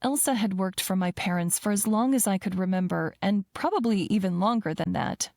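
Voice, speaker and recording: A woman narrating a first-person romance audiobook in an even, measured storytelling voice, close to the mic. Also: mid-range voice, gravelly, no echo.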